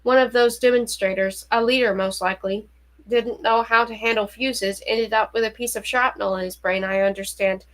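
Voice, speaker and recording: A woman voicing a nervous male professor who explains in a hurried, apologetic way. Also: on the high side, steady tone, natural voice. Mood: defensive.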